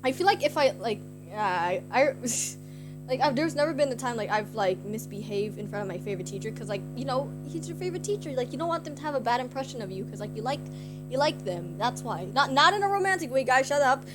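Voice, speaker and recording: Speaking a bit fast in an animated, higher voice, a young woman streamer rambles through a story for her chat. She's giggly and self-conscious, saying "like" constantly, with guitar music in the background.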